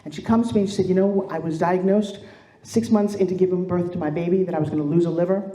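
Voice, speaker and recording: Middle-aged female keynote speaker, animated storyteller, mellow tone, roomy echo. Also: fairly low pitch, fast talker. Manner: animated storytelling, acts out quoted voices. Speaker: motivational speaker. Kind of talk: motivational keynote speech. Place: stage in a large room.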